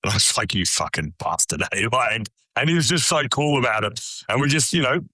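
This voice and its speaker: Swearing Australian chef spinning a yarn. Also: male voice, mid-range voice, brisk, dry recording. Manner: swears freely, animated anecdote with quoted dialogue. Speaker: chef and restaurant owner, podcast guest. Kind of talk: casual storytelling chat.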